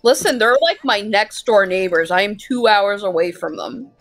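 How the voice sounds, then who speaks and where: Female co-host, mid-pitched, chatty and playful, casual stream banter. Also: expressive, moderate pace, faint music behind. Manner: chatty, shares odd facts, playful. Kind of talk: casual group chat.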